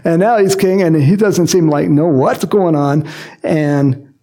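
A man preaching a sermon in a lively, joking manner, acting out quotes and adding chuckling asides as he explains a Bible passage. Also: fairly high pitch, a little slow. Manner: animated and jokey, acts out quotes, frequent chuckles and asides.

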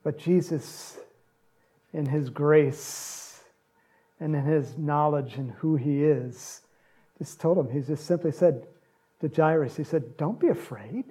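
A man preaching a sermon, retelling a gospel story with animated storytelling and acted-out lines. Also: on the high side, slow, breathy edge. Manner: animated storytelling, acts out quotes, laughs often.

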